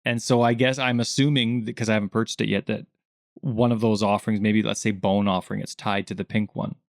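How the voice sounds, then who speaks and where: A man's voice: on the low side, level tone, brisk, vocal fry, dry recording, studio quality. A man co-hosting a gaming podcast in casual chat, rambling and laughing often. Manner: chatty, laughs a lot, rambling. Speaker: podcast co-host.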